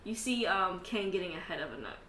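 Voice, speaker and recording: A woman's voice: lowish voice, sing-song, fairly quick, echoey room, heavy background noise. A woman narrating a tabletop game as game master, laughing often and swearing casually between filler words.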